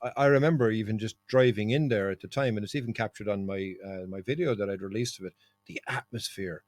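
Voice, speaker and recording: A man's voice: on the low side, quick pace, no room sound. Irish man telling trip stories. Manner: storytelling, animated, laughs often. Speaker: podcast host. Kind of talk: casual chat.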